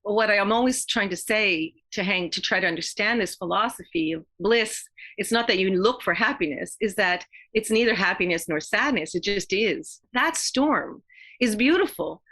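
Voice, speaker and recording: A woman's voice: mid-range voice, expressive, fairly bright tone. Earnest middle-aged woman. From Quebec, Canada. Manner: earnest, heartfelt, often pausing and restarting. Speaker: yoga therapist guest. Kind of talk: reflective podcast interview talk.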